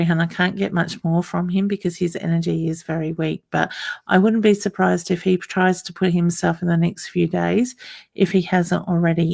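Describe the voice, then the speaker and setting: A woman giving a psychic medium reading during a live online stream. Her voice sits fairly low and has a gravelly edge. She talks softly and reassuringly, calls people honey, and pauses on ums as she goes. The sound is close and dry. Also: no echo. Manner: hesitant, with many ums and restarts.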